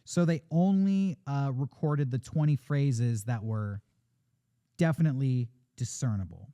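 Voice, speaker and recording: A man's voice: mid-range voice, measured pace, warm tone, clean tone, no echo, clean studio sound. A man hosting a podcast, telling a story in a chatty, joking way with lots of ums and uhs. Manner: chatty and jokey, with many fillers. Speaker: podcast host.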